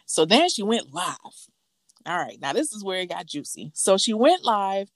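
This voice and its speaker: A woman's voice: moderate pace, no room sound. Chatty woman telling gossip, dry close sound. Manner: animated storytelling, acts out quotes in a higher voice. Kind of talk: casual gossip chat.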